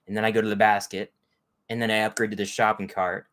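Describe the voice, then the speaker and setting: Man with a fairly low voice, hosting a casual, rambling live chat. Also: fairly even intonation, quick pace, a bit bright. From Texas. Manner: rambling, chatty, greets viewers by name. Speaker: livestream host.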